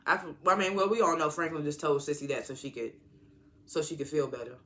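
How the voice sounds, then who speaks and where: Bright-voiced rambling TV reviewer. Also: medium pitch. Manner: rambling, halting recounting, full of fillers; exasperated asides. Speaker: TV episode reviewer. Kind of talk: casual recap.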